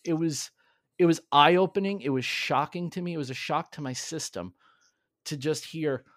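A man's voice: fairly high pitch, normal speed, fairly bright tone, dry recording, studio quality. A man telling his story in a candid, earnest conversation, often restarting his sentences. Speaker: podcast guest.

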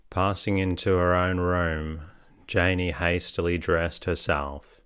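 A man reads a bedtime sleep story in a slow, soothing, even manner. His voice is very deep and smooth, and the recording is dry and close. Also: dry recording. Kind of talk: calm bedtime story reading.

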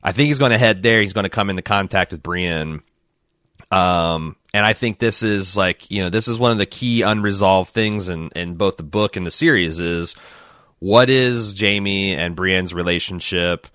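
Deep-voiced rambling podcast host. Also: male voice, moderate pace, bright, forceful tone, no echo, clean studio sound. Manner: rambling, frequent restarts. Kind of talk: casual discussion and read-aloud.

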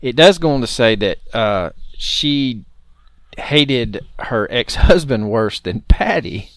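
A man's voice: mid-range voice, expressive, takes it slowly, no echo. Amused man telling a story on a podcast. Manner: amused, storytelling, laughs often. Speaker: podcast host. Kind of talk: casual chat, reading story notes aloud.

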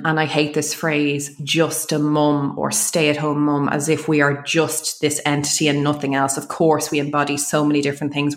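An Irish woman from Dublin, a podcast guest talking in an earnest, reflective way in long flowing sentences. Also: low-pitched. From Dublin, Ireland. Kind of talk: casual conversation.

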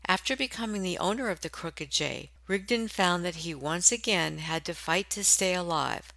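Bright woman reading a book blurb. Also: fairly low pitch, expressive, normal speed, gravelly, dry recording. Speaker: audiobook introducer. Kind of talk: scripted book summary.

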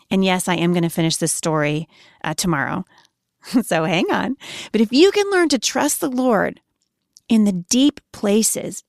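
A woman in her thirties giving an earnest devotional sermon, softly emphatic and slowing down when she quotes scripture. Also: on the low side, vocal fry, dry recording, studio quality. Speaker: Christian speaker.

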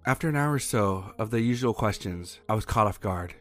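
A man reading a first-person horror story in a steady, measured way as narrator. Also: lowish voice, soft background music.

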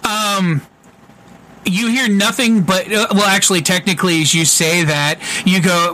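A man's voice: high-pitched, steady tone, a little slow, pushed and bright, poor audio. A man narrating as game master of a tabletop game, loose and full of fillers. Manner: loose, filler-heavy descriptions with profanity.

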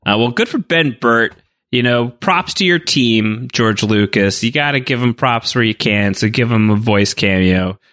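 A man's voice: medium pitch, animated, moderate pace, a bit bright. A man co-hosting a podcast, talking enthusiastically and rambling with many fillers. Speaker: podcast co-host. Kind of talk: casual chat.

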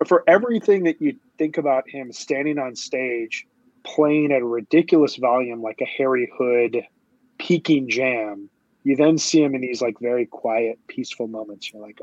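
A man with a husky, slightly breathy voice talks casually, rambling and circling back on himself with lots of fillers. The sound is dry and a little dull, like a close home mic. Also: medium pitch, darkish tone, dry recording. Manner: rambling, many restarts and "like" fillers. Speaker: podcast host. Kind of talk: casual chat.

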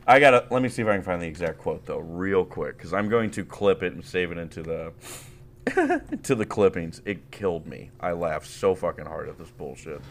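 A man's voice: low-pitched, sing-song, normal speed, vocal fry. A man hosting a podcast, chatting casually in a rambling, profane way and laughing often. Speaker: podcast host. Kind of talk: casual chat.

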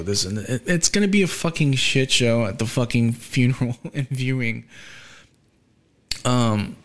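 A young man hosting a podcast, talking casually and quietly, with many fillers and pauses, subdued by grief. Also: medium pitch, expressive. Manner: soft, halting, with frequent fillers and trailing off. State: grieving, subdued. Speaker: podcast host. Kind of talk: casual solo podcast talk.

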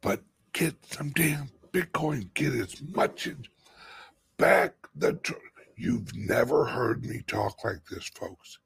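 A man hosting a crypto channel in an impassioned vlog rant. He talks urgently, drops to hushed whispers, rises to shouts, and swears freely for emphasis. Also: medium pitch, lively intonation, slow pace, creaky, husky, dry recording.

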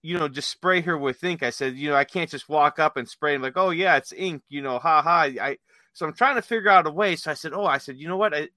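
A man's voice: fairly high pitch, fast, pushed and bright, dry recording. A man telling prank stories in casual chat, rambling with many fillers and restarts. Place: workplace with dispatchers.

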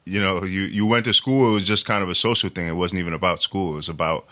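A male host in casual conversation, relaxed and giving frequent short replies. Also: low voice, fast talker. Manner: relaxed, backchannels often.

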